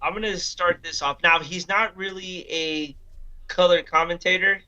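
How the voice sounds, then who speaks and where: A man's voice: high-pitched, steady tone, moderate pace, sharp tone, clear, resonant tone, lo-fi sound. A man co-hosting a casual sports talk show, blunt and profane in his takes. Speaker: podcast co-host.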